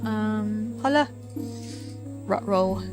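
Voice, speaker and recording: Over music, a young woman from the Philippines speaks extremely slowly in a mid-range voice with a Filipino accent. As a VTuber streaming a game, she chats casually, giggles, reads game text aloud and moves between English and Tagalog.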